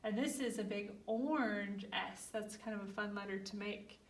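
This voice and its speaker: A woman leading a children's library storytime, gently explaining pictures to young kids. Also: medium pitch, normal speed. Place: library room. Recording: echoey room, mic far off.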